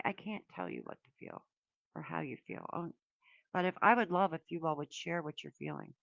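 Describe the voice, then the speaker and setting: A woman giving a casual spiritual card reading to her viewers, talking in a meandering, reflective way with many pauses. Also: on the low side, vocal fry, no room sound, highs cut off. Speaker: oracle card reader.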